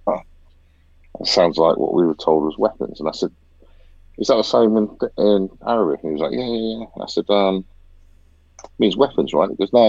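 A man's voice: deep voice, darkish tone, husky, no echo, lo-fi sound. A man telling a military story in casual chat, swearing a lot as he talks. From Britain. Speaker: podcast host, ex-soldier event organiser.

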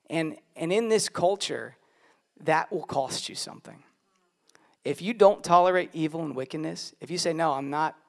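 A man's voice: a little high, vocal fry. A man in his thirties preaching a sermon as pastor, earnest and emphatic, often repeating his key lines.

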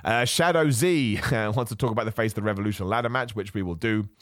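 A man hosting a podcast, ranting in animated casual chat, laughing often and nursing a cough. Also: fairly low pitch, fast, no room sound, clean studio sound. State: has a cough. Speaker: podcast host.

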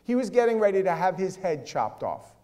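A male pastor preaching a sermon in a casual, animated way, swinging between loud and hushed delivery. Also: sits high, brisk.

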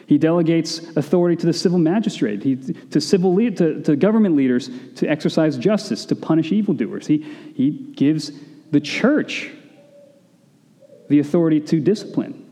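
Mellow-voiced male preacher in a reverberant hall. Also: fairly high pitch, expressive, normal speed. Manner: conversational preaching with asides. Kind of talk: sermon.

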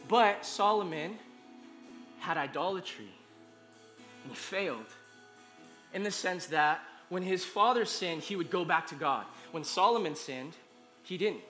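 A man's voice: high-pitched, expressive, measured pace, pauses often, pushed and bright, soft background music. A male pastor preaching a sermon in a casual, earnest, conversational way, often restarting his sentences.

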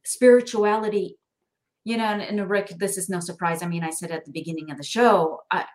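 A woman's voice: mid-range voice, fairly even intonation, fairly quick, a little mellow. A middle-aged woman, a financial planner and guest on a talk show, speaking expressively, laughing often and acting out quoted dialogue. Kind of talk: animated conversational interview.

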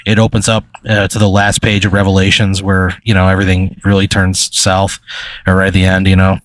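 A man's voice: low-pitched, monotone, brisk. A man running an improvised story game as game master, rambling with many fillers and chuckles.

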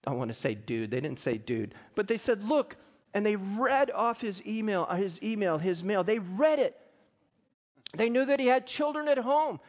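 A middle-aged male pastor preaching a sermon, reading scripture and telling stories that build into loud, impassioned peaks. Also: sits high.

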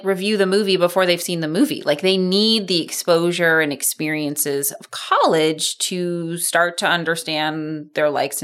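A woman's voice: on the low side, a bit bright. A woman co-hosting a podcast, explaining things in frank, wry casual chat. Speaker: podcast co-host.

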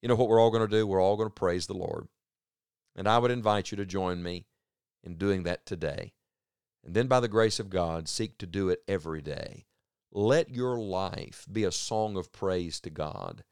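Earnest preacher man with a smooth voice. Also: sits low, moderate pace, a little mellow, dry recording, clean studio sound. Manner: earnest, rises and drops for emphasis. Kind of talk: sermon.

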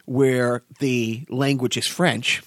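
A man's voice: medium pitch, little pitch movement, takes it slowly, no echo, clean studio sound. An American man co-hosting a podcast in casual chat, rambling and joking with profanity and many stammered restarts. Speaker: podcast co-host.

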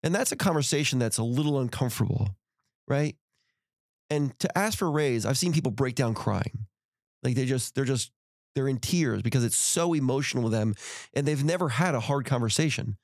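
A man's voice: medium pitch, expressive, a little fast, dry recording, studio quality. A middle-aged man hosting a podcast, telling a story in casual conversation and acting out heated quotes. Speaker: podcast host.

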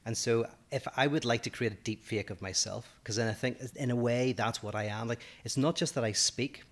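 A man's voice: mid-range voice, fairly quick. A man with a Northern Irish accent, co-hosting a podcast and explaining ideas at length, thinking aloud in casual philosophical discussion. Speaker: podcast co-host.

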